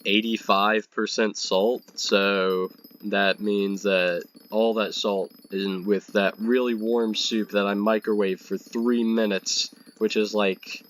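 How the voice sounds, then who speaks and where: A young man with a stuffy nose from being sick rambles casually while playing a game for his video channel. His voice is on the low side with a fairly bright tone, and he's chatty and self-mocking.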